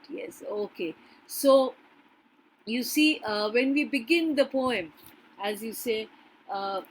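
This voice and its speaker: Woman teacher, unhurried lecture pace, keeps checking in with the class, some faint background hiss. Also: a little high, low-quality recording. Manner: checks in with frequent yes and right; hesitant restarts and fillers. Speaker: literature teacher.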